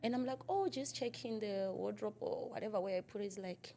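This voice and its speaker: A woman's voice: mid-range voice, fairly quick, warm tone, slight background noise. A woman, a minister giving personal testimony in a podcast interview, vividly acting out the dialogue she quotes. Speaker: guest minister.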